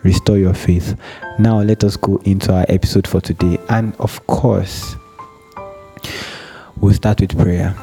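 Low mellow-voiced guy, earnest devotional talk, soft music underneath. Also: little pitch movement, unhurried, pauses often. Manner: earnest, repeats phrases, acts out a phone call. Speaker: devotional podcast host. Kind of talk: casual devotional teaching and prayer.

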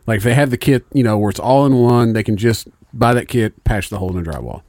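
A man's voice: medium pitch, fast, darkish tone, dry recording, clean studio sound. A man co-hosting a podcast, telling stories in a laid-back, profane way and laughing as he goes. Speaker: podcast co-host. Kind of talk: casual storytelling chat.

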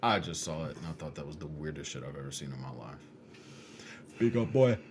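A man with a very low voice chatting casually with friends in a laid-back, joking manner and plenty of swearing. Steady background noise sits under his voice throughout. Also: quick pace. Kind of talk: casual chat.

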